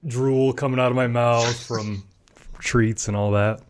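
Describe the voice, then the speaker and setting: A man's voice: mid-range voice, fairly even intonation, measured pace. A man hosting a tech podcast, chatting casually in a joking, self-mocking way with plenty of fillers. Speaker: podcast host.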